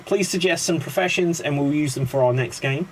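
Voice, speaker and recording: A man's voice: on the high side, fairly quick, a little hiss or hum, poor audio. Chatty male improv show host. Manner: chatty, upbeat, introduces games. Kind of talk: hosting a live improv show.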